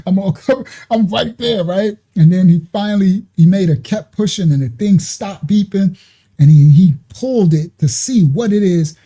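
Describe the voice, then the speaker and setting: A middle-aged man telling a story in an animated, rambling way, laughing and mimicking sounds. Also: sits high, moderate pace. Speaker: ministry speaker. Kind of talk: casual storytelling.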